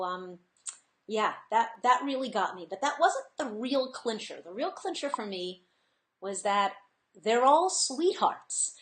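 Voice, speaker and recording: A woman in her thirties hosting a webinar, talking in a chatty, earnest way with frequent fillers and laughs. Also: a little high. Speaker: webinar host. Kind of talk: casual presentation. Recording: echoey room.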